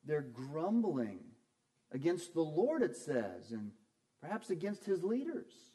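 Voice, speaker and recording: Pastor guy preaching, mellow warm tone, earnest, keeps asking the crowd questions then answers em. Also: fairly high pitch, very animated, takes it slowly. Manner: earnest, asks and answers his own questions. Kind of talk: sermon.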